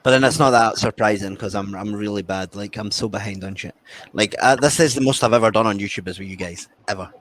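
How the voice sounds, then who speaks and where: A man's voice: lowish voice, fast talker, a bit bright, slight background noise. A Scottish man co-hosting a stream in casual chat, swearing freely and laughing easily. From Scotland. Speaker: stream co-host.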